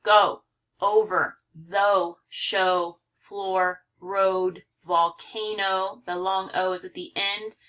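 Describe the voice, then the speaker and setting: A woman walks through a phonics lesson at a slow, unhurried pace, sounding out each example word with exaggerated care. Her voice has a bright, clear edge. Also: on the low side, little pitch movement. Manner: slow, careful, overpronouncing example words. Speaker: teacher.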